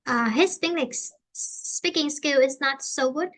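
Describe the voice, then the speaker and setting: Teaching English online, a Vietnamese woman speaks with a Vietnamese accent in a high, somewhat bright voice. Her delivery is halting, and she often repeats and rephrases what she says.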